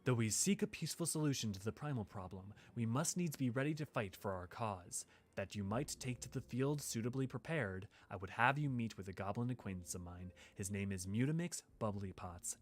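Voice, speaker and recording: A man voicing a calm, solemn woman leader who speaks in a measured, formal way. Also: fairly low pitch, pitched below the performer's own voice, natural voice.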